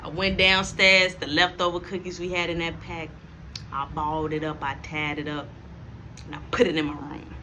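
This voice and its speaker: A man's voice: a little high, normal speed, a little hiss or hum. A young man telling a story from his past in a storytime vlog, acting out each person's voice. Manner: animated, acts out every voice.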